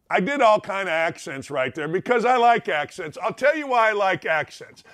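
A man's voice: high-pitched, expressive, normal speed, few pauses, fairly bright tone. A man hosting a sports talk show, ranting bluntly and brashly in an opinionated monologue.

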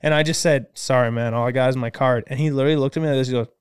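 Smooth-voiced young Midwestern man telling stories. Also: mid-range voice, fairly even intonation, rapid-fire, dry recording, clean studio sound. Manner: storytelling, laughs often, swears casually. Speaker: podcast co-host. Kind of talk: casual chat.

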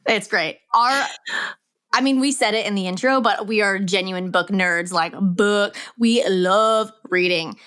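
A woman's voice: medium pitch, measured pace, fairly bright tone, clean tone. A woman co-hosting a podcast, bubbly and chatty, with plenty of "like" fillers in casual talk. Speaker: podcast co-host. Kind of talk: casual chat.

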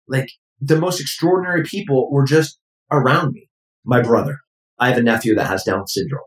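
A man telling personal family stories in a casual, animated way, acting out the people he quotes. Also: mid-range voice, fairly quick, roomy sound, low-quality recording. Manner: animated, acts out quoted voices. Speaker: guest. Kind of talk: casual storytelling.

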